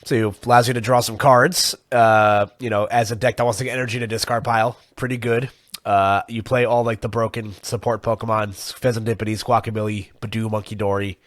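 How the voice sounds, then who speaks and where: A man's voice: lowish voice, flat delivery, fairly quick, no echo, studio quality. A man co-hosting a podcast in casual chat, rambling with lots of fillers and frequent chuckles. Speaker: podcast co-host.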